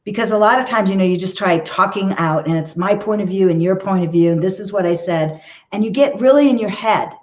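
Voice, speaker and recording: A woman's voice: mid-range voice, brisk, few pauses, highs cut off. A woman guesting as a relationship expert, talking earnestly in an interview and often checking in with "okay?". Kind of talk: conversational interview advice.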